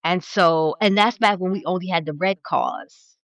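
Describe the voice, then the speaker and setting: A woman from New York, a podcast guest, telling stories in an animated, emphatic way. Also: fairly low pitch, moderate pace, no room sound. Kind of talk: casual conversation.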